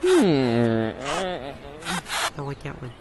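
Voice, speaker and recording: A man's voice: medium pitch, wildly swooping pitch, drawn-out words, background noise, full character voice. A man voicing a mischievous little boy in a cartoon, sly and teasing. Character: mischievous little boy at an ice cream truck. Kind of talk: cartoon voice acting.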